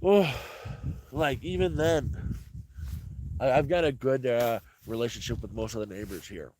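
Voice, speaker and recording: A man rambling through a casual vlog at a middle pitch, stumbling over his words and repeating himself as he goes. A faint hiss and a few clicks sit under his voice. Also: unhurried, a little mellow. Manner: rambling with frequent restarts and stammered repeats. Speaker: vlogger. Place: rural off-grid homestead, cold.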